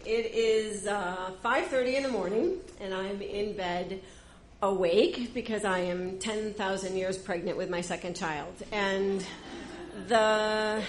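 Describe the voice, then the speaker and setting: A woman telling a personal story live on stage, animated and exaggerating for comic effect. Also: medium pitch, a little hiss or hum.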